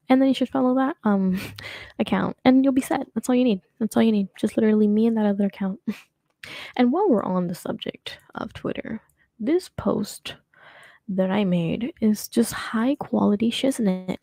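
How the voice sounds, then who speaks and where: A woman's voice: on the high side, vocal fry, warm tone, dry recording. A young woman hosting a show in casual chat, rambling and joking at her own expense, laughing often. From United States. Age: young adult. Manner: rambling, self-mocking and jokey, laughing often. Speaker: show host.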